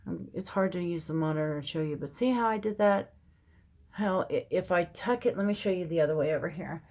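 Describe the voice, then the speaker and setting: A woman's voice: lowish voice, darkish tone. A middle-aged woman chatting casually through her own makeup tutorial, talking to viewers as she works and drifting into asides. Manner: chatty, rambling, gets heated when venting. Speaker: makeup vlogger.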